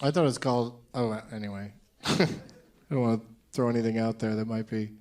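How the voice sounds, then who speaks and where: A man's voice: on the low side, steady tone, brisk, a little mellow. A man hosting a live comedy podcast, running a movie game with playful banter and frequent laughs.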